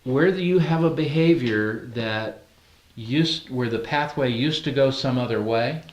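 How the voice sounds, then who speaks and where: A man's voice: medium pitch, measured pace, lo-fi sound. Man teaching a group in an echoey room. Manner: conversational, asks the group questions. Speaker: NLP trainer. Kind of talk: classroom teaching.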